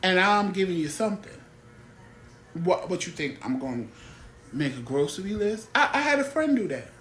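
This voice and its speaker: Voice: mid-range voice, very animated, moderate pace, a bit bright, echoey room, faint music behind. A talk show host telling stories in a blunt, exasperated, casual way.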